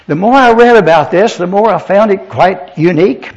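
In a teaching sermon, a man with a high, animated voice talks at a moderate pace with hardly any pauses. He addresses the congregation directly and spells words out letter by letter, and the recording has a dull, lo-fi quality.

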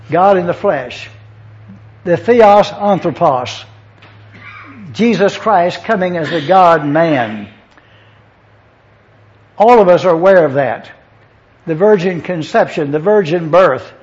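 A man preaching a sermon, reading scripture and stressing phrases in measured, emphatic lists. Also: high voice, darkish tone. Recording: dull lo-fi recording.

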